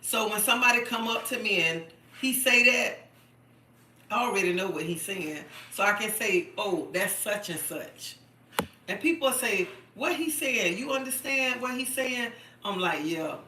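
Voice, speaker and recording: Bright-voiced chatty woman livestreaming. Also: medium pitch, normal speed, echoey room, recorded from a distance, slight background noise. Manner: chatty and emphatic, repeats herself, keeps asking "okay?". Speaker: livestream host. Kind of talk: casual live-stream chat.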